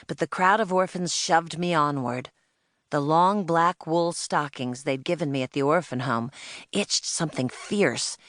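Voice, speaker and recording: A woman's voice: deep voice, fairly bright tone, dry recording, studio quality. A woman narrating a children's audiobook in first person, telling it in the plain-spoken voice of a spirited young girl.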